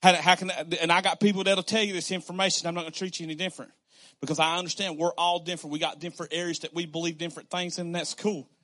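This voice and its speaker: A male pastor delivers a lively sermon from a pulpit, talking to the congregation as if chatting. His voice sits high for a man and rings bright and forceful. He repeats himself for emphasis and slips into little acted-out quotes. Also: rapid-fire. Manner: conversational, animated preaching with repetitions and acted-out quotes.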